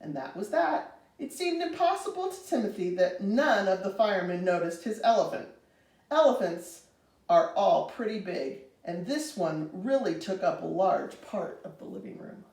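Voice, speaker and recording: A woman reading a children's storybook aloud in an expressive, animated way. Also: medium pitch, normal speed, recorded from a distance. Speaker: storybook reader. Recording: roomy, reader away from mic.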